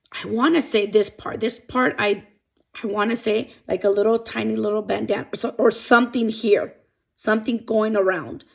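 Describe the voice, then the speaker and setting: A woman's voice: mid-range voice, creaky. A young adult woman telling a personal faith testimony, emotional and rambling with many fillers. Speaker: testimony vlogger.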